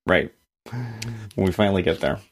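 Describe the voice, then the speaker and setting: A man's voice: on the low side, a little slow, slight background noise. A man co-hosting a podcast, chatting casually with easygoing, chuckling agreement. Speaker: podcast co-host. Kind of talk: casual chat.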